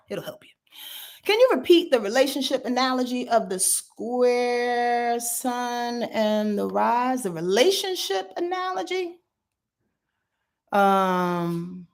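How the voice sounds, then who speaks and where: A woman doing a casual livestream from home, giving quick astrology readings in an animated, slangy way and talking straight to her viewers. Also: fairly high pitch.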